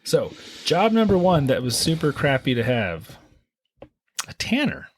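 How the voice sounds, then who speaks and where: A man's voice: mid-range voice, moderate pace, breathy edge, dry recording, clean studio sound. A man co-hosting a podcast in casual, joking chat, laughing at his own stories. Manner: relaxed, joking, laughs at himself. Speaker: podcast co-host.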